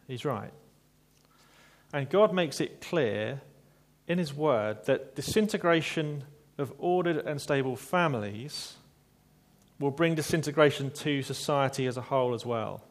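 A man preaching a sermon in a measured, reflective way, with small asides to his listeners. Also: mid-range voice.

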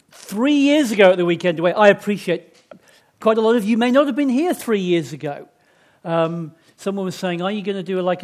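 A man's voice: sits high, a little mellow. A man preaching a sermon in a chatty, self-deprecating way, with many restarts.

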